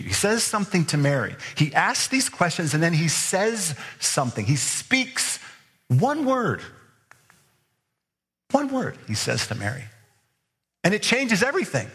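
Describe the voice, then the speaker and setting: A pastor with a high, fairly bright voice preaches a sermon, earnestly pressing his listeners with repeated questions. A large hall's long reverb surrounds him.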